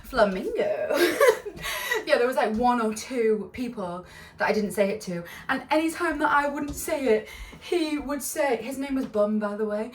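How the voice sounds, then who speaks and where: A woman's voice: fairly high pitch, lively intonation, moderate pace, recorded from a distance. A woman telling a storytime vlog in a bubbly, giggly, rambling way, full of side notes. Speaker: vlogger. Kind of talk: casual storytime. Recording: echoey room, voice a bit off-mic.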